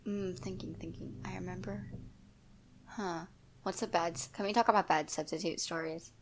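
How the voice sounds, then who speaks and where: A teenage girl in a casual podcast chat, telling a school story with hesitant, trailing pauses. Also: lowish voice, steady tone, a little hiss or hum. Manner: hesitant, trails off, thinks aloud. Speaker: podcast co-host.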